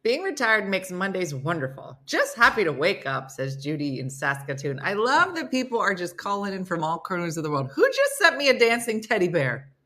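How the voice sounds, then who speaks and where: A woman's voice: medium pitch, big pitch swings, fairly quick, hardly any pauses, fairly bright tone. A woman hosting a casual live morning stream, chatty and playful, teasing her viewers. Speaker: host of a live morning show.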